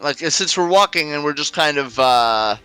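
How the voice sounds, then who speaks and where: A man playing a tabletop game, talking in a relaxed way and chuckling at times. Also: a little high, normal speed, music in the background. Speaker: player. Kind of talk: casual tabletop play.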